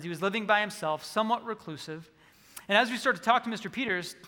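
A man's voice: high-pitched, bright, forceful tone. A man preaching a sermon, telling a personal story earnestly and acting out the dialogue. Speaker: pastor. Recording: long reverb of a large hall.

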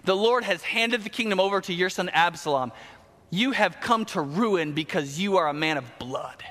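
Guy preaching, high voice, chatty slangy storytelling, big echoey hall. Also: normal speed. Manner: casual, animated storytelling with slang asides. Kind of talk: sermon. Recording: long hall reverb.

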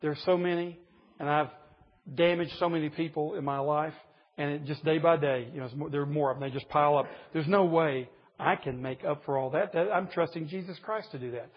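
A man's voice: a little high, brisk. A man preaching a sermon to a group of men, earnest, pressing his points with rising emphasis. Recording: dull lo-fi recording in a reverberant hall.

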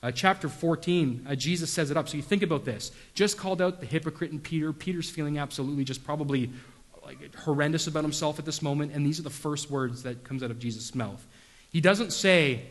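Guy pastor telling stories in a sermon, kinda high voice, long echo from the hall. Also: brisk. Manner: casual storytelling with self-deprecating humor, many fillers.

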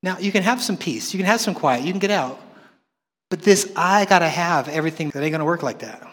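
A man voicing God as a calm, patient, gently insistent male figure in a sermon retelling. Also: fairly high pitch, fairly quick, in a large hall.

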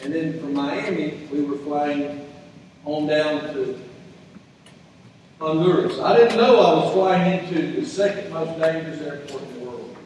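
A middle-aged male pastor preaching a folksy sermon, telling a story and swinging from quiet asides to shouted peaks. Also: fairly high pitch, unhurried, slight background noise. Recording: roomy echoey hall, mic far off.

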